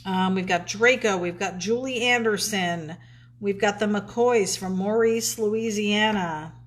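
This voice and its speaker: A woman's voice: mid-range voice, a little slow. A woman co-hosting a live show, chatting casually and reading out viewers' greetings, laughing often and teasing her co-host.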